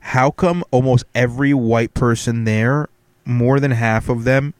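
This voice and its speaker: A man's voice: medium pitch, measured pace, a little mellow, no room sound. A young man hosting a solo podcast, ranting bluntly with heavy swearing. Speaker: podcast host.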